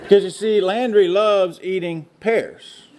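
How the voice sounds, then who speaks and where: A man's voice: sits high, steady tone, unhurried, background noise. Folksy middle-aged man telling farm stories. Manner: folksy, joking storyteller. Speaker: guest speaker. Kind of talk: storytelling talk to students. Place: lecture room.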